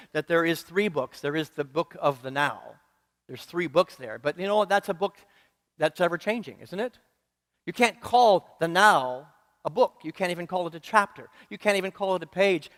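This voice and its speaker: Male preacher, earnest and repetitive, quizzes his congregation; high voice in a reverberant church. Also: fairly bright tone. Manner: earnest, rhythmic repetition, asks the congregation questions. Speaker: minister. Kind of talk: sermon. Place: church sanctuary.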